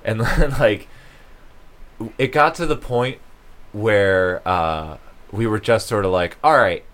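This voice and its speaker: A man's voice: fairly low pitch, takes it slowly, fairly bright tone. A man in casual chat, telling a story, swearing and laughing often.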